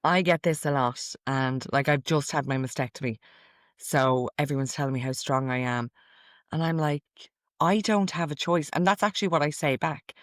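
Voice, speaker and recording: A woman's voice: low voice, moderate pace, no echo, clean studio sound. A middle-aged woman hosting a casual podcast, reading out quotes from a list in a chatty, amused way. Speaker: podcast host.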